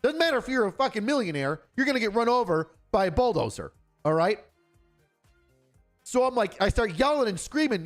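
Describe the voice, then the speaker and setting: A man talking bluntly and swearing freely, as a former officer running a casual livestream. His voice sits high for a man and swings widely up and down. Faint music plays behind him. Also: sing-song, brisk. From Buffalo, New York. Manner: blunt, profane, storytelling with acted dialogue. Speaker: retired police officer commentating news.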